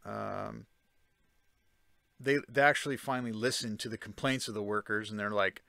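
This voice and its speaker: With a low, creaky, bright and forceful voice and fairly even intonation, a man explains things casually at a moderate pace, dropping in fillers and restarts and checking in with "Okay?" and "Right?". He is a self-taught commentator on ancient texts, and the recording is dry, clean studio sound.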